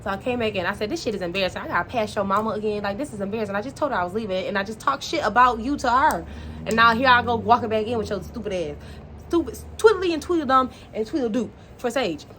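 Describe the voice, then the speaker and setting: A woman vlogger telling a dating story in a blunt, profane, animated way, acting out the dialogue as she goes. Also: on the high side. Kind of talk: casual storytime monologue. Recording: faint background noise.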